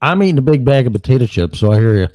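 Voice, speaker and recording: A man's voice: mid-range voice, lively intonation, very fast, mellow, no echo, low-quality recording. A man co-hosting an online talk show, ranting bluntly and mockingly with plenty of swearing. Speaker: co-host. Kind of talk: angry political rant.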